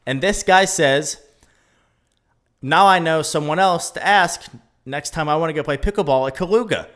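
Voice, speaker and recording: A man co-hosting a casual podcast chat, talking in an animated, ranting way and laughing often. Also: fairly high pitch, normal speed. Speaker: podcast co-host.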